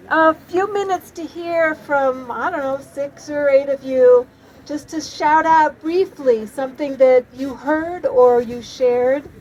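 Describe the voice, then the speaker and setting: Woman, high voice, slow pace, facilitator, outdoor square, crowd and street noise. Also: darkish tone, poor audio. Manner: slow, encouraging, prompting speakers. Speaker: vigil facilitator. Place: outdoor town square vigil.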